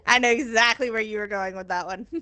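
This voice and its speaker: A woman's voice: on the high side, bright, forceful tone, no room sound. A woman chatting casually while playing a game, with laid-back, dry replies. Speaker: co-player. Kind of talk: casual chat while gaming.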